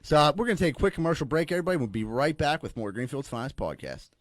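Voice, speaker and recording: A man co-hosting a casual podcast, rambling and animated, swearing freely among his friends. His voice sits a little high. The room sounds dry and close. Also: rapid-fire, dry recording. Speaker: podcast co-host. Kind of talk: casual chat among friends, reading ads.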